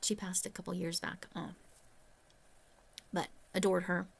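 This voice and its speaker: A woman's voice: on the low side, level tone, a little slow, creaky, husky. A middle-aged woman, a retired teacher, talking candidly and chattily to her viewers in a casual vlog. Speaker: retired teacher turned crochet YouTuber. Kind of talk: casual vlog chat to camera.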